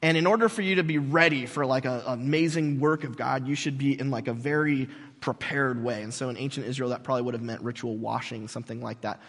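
A male pastor preaching a sermon in an animated, jokey way with sarcastic asides, recorded in a large hall with long reverb. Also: mid-range voice, fast.

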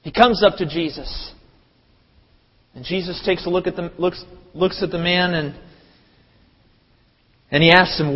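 A man preaching in a church sanctuary with long reverb trailing his words. His voice sits fairly high, and he delivers the sermon animatedly, jumping into loud, high crowd voices. The audio is dull and lo-fi. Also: a little slow, pauses often. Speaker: pastor.

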